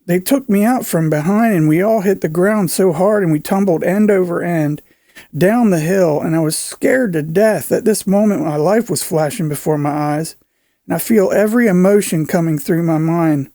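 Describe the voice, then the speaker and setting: A man narrating a viewer's frightening encounter account in an earnest, halting way, with fillers and restarts. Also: high voice, warm tone, dry recording, clean studio sound. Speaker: narrator reading a viewer's email.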